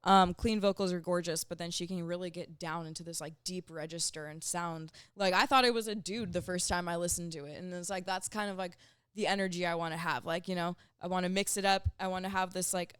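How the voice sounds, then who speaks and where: A woman's voice: on the low side, steady tone, brisk, smooth, no room sound, studio quality. A young woman, a metal singer guesting on a podcast, chatting casually with many fillers.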